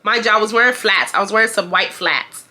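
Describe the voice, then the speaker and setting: A woman in her twenties from Houston, telling a casual storytime in an animated, emphatic way that repeats lines for effect. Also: mid-range voice, brisk. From Houston, Texas. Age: 20s. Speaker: vlogger.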